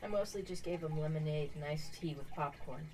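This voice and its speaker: A young woman co-hosting a casual crochet stream, telling lively stories and acting out what people said. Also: low-pitched, fairly quick, slight background noise, poor audio. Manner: animated storyteller, acts out quotes. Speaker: stream co-host.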